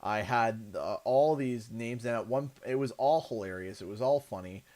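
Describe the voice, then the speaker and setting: A man's voice: mid-range voice, moderate pace, a little mellow. A man in his thirties, a livestreamer telling a long story in a rambling, chatty way during a casual stream. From Canada.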